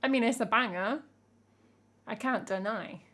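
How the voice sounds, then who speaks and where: A woman's voice: a little high, a little slow, fairly bright tone. A young woman from England, a singer-songwriter, chatting casually and wryly on a live stream as she reacts to a music video. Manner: chatty, wry, jokey asides.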